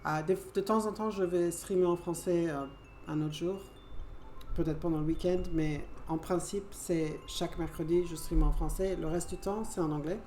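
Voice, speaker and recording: Woman streamer, French accent, lowish voice, casual playful chatter. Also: steady tone, a little fast, warm tone, a little hiss or hum. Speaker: game streamer. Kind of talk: casual gameplay chat.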